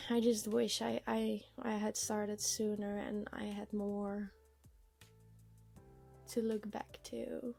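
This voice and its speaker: A young woman talks into her microphone in a casual personal vlog, her speech halting and emotional, full of fillers. Her voice sits a little high and has a gravelly fry, and she speaks slowly. Soft music plays faintly behind her. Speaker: vlogger.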